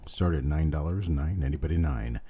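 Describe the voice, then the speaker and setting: A man hosting a live coin auction, hoarse from losing his voice, calling out bids in a steady chant with chatty asides. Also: extremely low pitch, a little fast.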